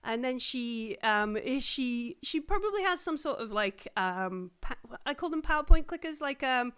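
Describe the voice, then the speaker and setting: A woman's voice: sits high, animated, normal speed, a bit bright, clean tone. Woman narrating a tabletop game. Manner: rambling, many fillers and restarts, acts out characters. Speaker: game master.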